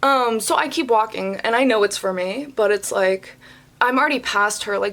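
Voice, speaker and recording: A woman's voice: mid-range voice, moderate pace. Chatty young woman telling a storytime. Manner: chatty and animated, heavy use of "like". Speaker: vlogger. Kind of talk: casual storytime chat.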